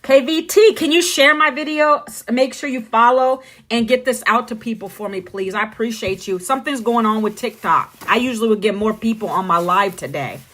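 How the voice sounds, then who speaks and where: A woman's voice: mid-range voice, a little fast, hardly any pauses, fairly bright tone. A middle-aged woman from the United States, talking bluntly and preachily to viewers on a phone live stream. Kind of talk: casual live-stream monologue.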